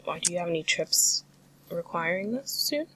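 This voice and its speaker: A woman's voice: lowish voice, lively intonation, moderate pace, bright, forceful tone. A woman co-hosting a podcast, asking brief questions and giving short reactions. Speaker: podcast co-host. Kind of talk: casual chat.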